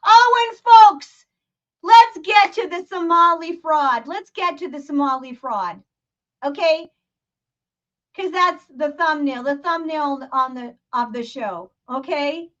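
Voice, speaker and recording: A woman's voice: high-pitched, unhurried, a bit bright, highs cut off. A woman with a Boston accent hosting a live stream, ranting profanely and laughing as she comments. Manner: profane, heated, laughing rants. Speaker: host. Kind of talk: livestream commentary.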